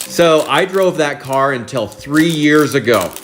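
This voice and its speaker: A man's voice: fairly high pitch, expressive, measured pace, a bit bright, soft background music. A man in his forties from Oregon, chatting casually on a live card break stream, telling rambling stories with frequent chuckles. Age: 40s. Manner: rambling storyteller, chuckles often.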